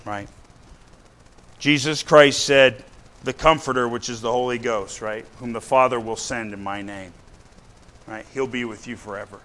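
In a church with a congregation that responds, a man with a mid-range, slightly bright voice preaches at normal speed, leaving long pauses. He's blunt and conversational, checking in with the audience by asking "right?" again and again.

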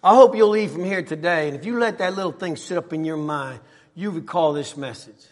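A middle-aged man preaching a sermon in a church, repeating his phrases and swinging from soft asides to shouts. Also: a little high, fairly quick. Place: church sanctuary. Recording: long hall reverb.

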